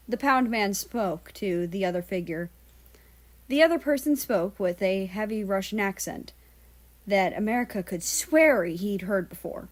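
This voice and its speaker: A woman reading a fan-fiction story aloud as narrator, in a steady storytelling delivery. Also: medium pitch, normal speed. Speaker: fan-fiction audiobook reader. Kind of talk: scripted narration.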